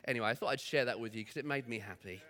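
A man's voice: medium pitch, racing, bright, forceful tone. A man preaching a sermon in church in a chatty, storytelling way. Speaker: pastor.

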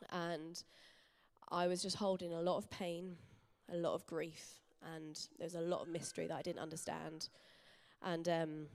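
A young woman giving a sermon in an earnest, personal, conversational way. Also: fairly low pitch. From England. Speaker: church speaker. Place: church hall.

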